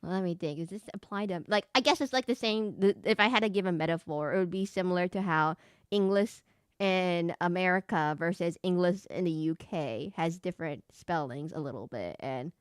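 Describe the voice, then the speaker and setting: A woman's voice: lowish voice, moderate pace, smooth, no room sound, studio quality. A woman streaming a video game, chatting casually with many restarts and self-corrections and frequent giggles. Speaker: VTuber streamer. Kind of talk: casual gameplay commentary.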